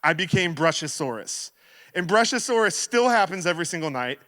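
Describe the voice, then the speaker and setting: A man in his thirties giving a sermon as guest speaker, telling stories in a playful, animated way. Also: a little high, fairly quick. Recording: reverberant hall.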